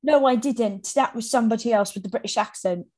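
A woman's voice: on the high side, a little fast, a little mellow. A young woman co-hosting a podcast in casual, rambling, self-mocking chat. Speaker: podcast co-host.

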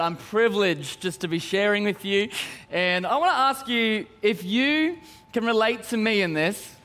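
A young man preaches to a congregation, telling stories with a joking touch. His voice sits high for a man. It carries a long reverb from the large church hall. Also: fairly bright tone. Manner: storytelling, joking. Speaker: pastor. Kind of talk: sermon.

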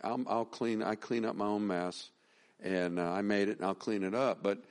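A man's voice: fairly low pitch, fairly even intonation, normal speed. A middle-aged man preaching a sermon as pastor, talking in a conversational, folksy way, with restarts and rising emphasis.

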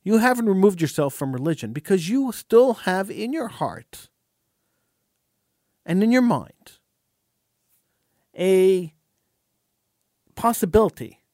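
A male talk radio host speaks in an impassioned, emphatic monologue, and his pitch leaps up and down as he argues. He often stumbles over the first words of a phrase and repeats them. His voice sounds close and dry, with no room echo. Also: a little mellow. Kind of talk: monologue commentary.

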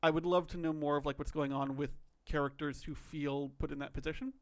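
Podcast co-host, male, slightly high voice, thoughtful and rambling. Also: steady tone, a little fast. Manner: thoughtful, musing, many "like" fillers. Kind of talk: casual chat.

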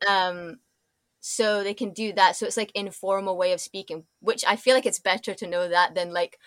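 A woman's voice: mid-range voice, fairly even intonation, moderate pace, no echo. A young woman with a Scottish accent, a podcast guest chatting casually and rambling through many fillers and restarts. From Scotland. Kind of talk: casual chat.

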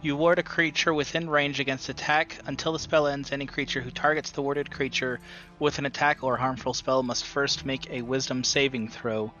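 A man's voice: mid-range voice, fairly even intonation, moderate pace, sharp tone, lo-fi sound, soft background music. A man playing a tabletop game, eagerly thinking aloud about his moves and reading rules out. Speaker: player. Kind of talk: casual tabletop game chat.

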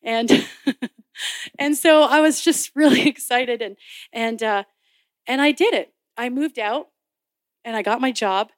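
A high-pitched woman shares her faith story from the pulpit, bouncing between narration and playful acted-out voices. The sound is dry and close, with no room echo. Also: takes it slowly, pauses often. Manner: animated storytelling, acting out quoted voices; laughs often while telling. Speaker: speaker at a Bible college chapel. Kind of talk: personal testimony in a sermon.

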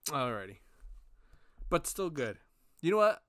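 A man co-hosting a casual podcast, chatting in a relaxed, agreeable way and often saying "alrighty.". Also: a little high, a little slow, no echo, clean studio sound. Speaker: podcast co-host. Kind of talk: casual chat.

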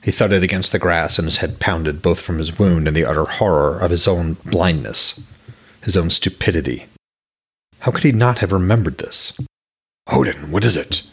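A man reading his own fantasy novel aloud as podcast host, with steady storytelling. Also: low voice, husky.

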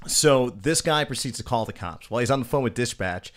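A man's voice: medium pitch, animated, fairly quick. A man co-hosting a casual podcast, telling a long story in a loose, profane way. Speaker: podcast co-host.

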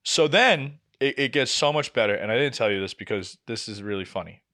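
A young man tells a long, exasperated story on a casual podcast. His voice sits at an ordinary middle pitch for a man. He swears freely and acts out the people in his story as he goes. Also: animated, a little fast, bright, forceful tone. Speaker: podcast co-host.

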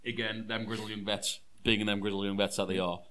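A man's voice: fairly low pitch, flat delivery, fairly quick, fairly bright tone, clear, resonant tone. A man chatting as a podcast co-host about a wrestling match, joking and hesitating with fillers. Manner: chatty, jokey, hesitant with ums. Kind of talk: casual chat recapping a wrestling show.

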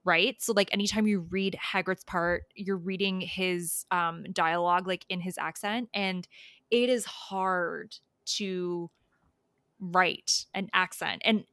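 A woman's voice: lowish voice, fairly even intonation, slow pace, a bit bright, dry recording. A woman co-hosting a casual chat about writing, talking loosely with lots of fillers. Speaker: podcast co-host, writer.

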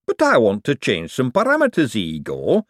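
A man voicing an excitable young male inventor who speaks eagerly and breathlessly. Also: medium pitch, normal speed, no echo, studio quality, pitched above the performer's own voice.

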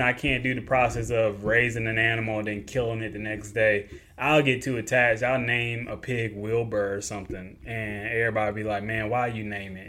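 A man talks loosely into his podcast mic, joking and stifling chuckles as he goes. His voice sits at an ordinary middle pitch. The delivery is relaxed and conversational, the sound of a host chatting on his own show. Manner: laid-back, joking, chuckles through lines. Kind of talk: casual solo podcast talk.

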